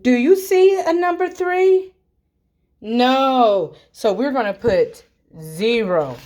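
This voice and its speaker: Slow, clear-spoken woman teacher for small children. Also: fairly high pitch, expressive, darkish tone. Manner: slow and deliberate, counting and clapping out names for small children.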